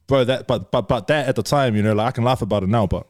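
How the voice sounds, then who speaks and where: A man's voice: medium pitch, quick pace. A young man, candidly telling stories from his life as a podcast guest, swearing freely and calling everyone bro. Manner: swears a lot, says bro constantly. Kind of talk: candid casual storytelling.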